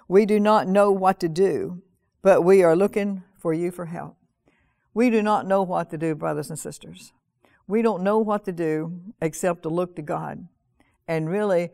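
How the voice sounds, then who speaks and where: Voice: medium pitch, a little mellow, no echo, clean studio sound. A pastor preaching a sermon in an earnest manner, often repeating phrases and reading scripture aloud with a raised voice.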